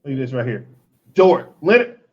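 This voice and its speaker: Exasperated fan host, lo-fi sound. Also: male voice, medium pitch, moderate pace. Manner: animated, exasperated, joking. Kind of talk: casual sports chat with highlight commentary.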